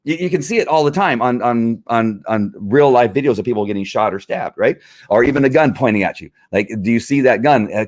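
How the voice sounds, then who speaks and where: Man, middle-aged, live stream host, earnest, fired up, restarts and fillers, mid-range pitch. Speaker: host, police trainer. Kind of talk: live-streamed casual talk.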